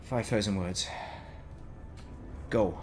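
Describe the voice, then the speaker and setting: A man's voice: on the low side, takes it slowly, a little mellow, a little hiss or hum. A man with a Northern English accent, chatting casually while commentating his gameplay stream and wandering into rambling, self-mocking asides. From Northern England. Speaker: gaming streamer.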